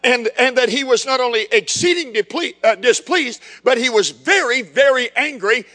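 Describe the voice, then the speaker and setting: Fiery, high-voiced male preacher. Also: expressive, moderate pace, pushed and bright, long reverb tail. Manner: emphatic, repetitive, fiery preaching. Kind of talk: sermon.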